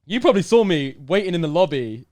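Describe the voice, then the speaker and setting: A man's voice: fairly high pitch, fast, no echo. British man telling a story. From United Kingdom. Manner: lively storyteller who acts out the dialogue. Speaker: podcast guest. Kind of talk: casual storytelling conversation.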